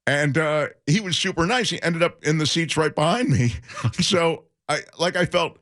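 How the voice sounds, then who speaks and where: A man's voice: fairly high pitch, normal speed. A middle-aged man, a guest radio host, telling stories in casual chat and acting out the voices of the people he quotes. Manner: animated, acts out quoted voices.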